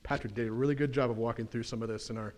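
A man preaching a sermon as pastor in a church, in a folksy, animated way with casual slang and quick asides. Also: mid-range voice.

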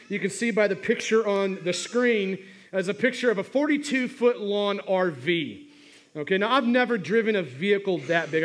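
Man, pastor, high voice, joking sermon story, stumbling restarts. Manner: humorous storytelling with many restarts.

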